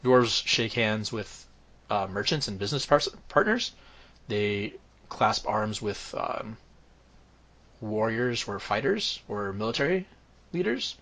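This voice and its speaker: A man's voice: lowish voice, lively intonation, slow pace, fairly bright tone. A man serving as game master, narrating a tabletop game in a loose, explaining way with lots of fillers.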